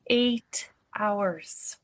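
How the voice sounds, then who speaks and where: A middle-aged woman co-hosting a podcast, talking about her family in a relaxed, unhurried way with a chuckle. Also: mid-range voice. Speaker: podcast co-host. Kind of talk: casual chat.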